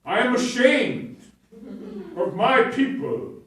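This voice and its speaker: A booming, flamboyant theatrical man in his seventies lectures an unruly crowd with grand, effeminate flourishes, as an older man puts him on. The voice swings high and loud, heard from a distant mic in an echoey room. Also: animated, slow pace, heavily acted. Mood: grandly scolding. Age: 70s.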